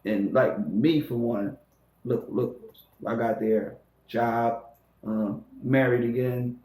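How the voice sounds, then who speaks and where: A man in recovery speaking in a casual podcast chat, in halting, fragmented phrases full of "you know.". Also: medium pitch, steady tone, mellow. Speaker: person in recovery. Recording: echoey room.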